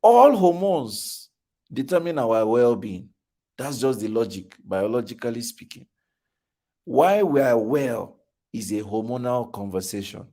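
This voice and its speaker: A man's voice: medium pitch, expressive, a little slow, warm tone. A middle-aged man with a Nigerian accent giving a motivational talk at a fathers' conference, emphatic and repeating his key phrases like a preacher.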